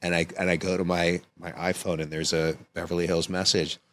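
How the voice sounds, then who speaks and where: Guest storyteller: deep-voiced man, animated and profane, casual podcast chat. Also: fairly quick. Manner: animated, acts out quotes in raised voices, swears freely.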